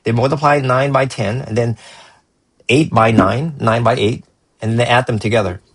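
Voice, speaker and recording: Husky-voiced man tutoring math. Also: medium pitch, moderate pace, no echo, low-quality recording. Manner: encouraging, rambling with frequent restarts. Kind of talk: reviewing a student's work.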